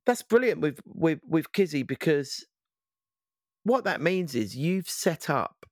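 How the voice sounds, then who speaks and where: A man's voice: on the high side, sing-song, takes it slowly, no echo, clean studio sound. A man in casual podcast chat, talking reflectively and hesitantly. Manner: reflective, hesitant, many restarts. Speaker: podcast co-host.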